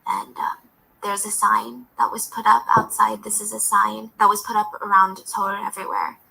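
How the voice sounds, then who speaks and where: A woman hosts a news podcast episode, earnest and sprinkling in filler words. Her voice is bright and edged with vocal fry. Faint hiss sits behind the clip as it plays through a stream. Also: medium pitch, level tone, moderate pace, poor audio. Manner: earnest, with frequent "like". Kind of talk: scripted news commentary.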